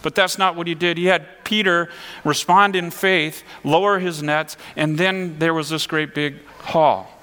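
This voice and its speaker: A man's voice: on the high side, fairly even intonation, a little slow, pushed and bright, clean tone, in a large hall. A man preaching a sermon in an earnest, conversational way, asking his listeners questions. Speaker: pastor.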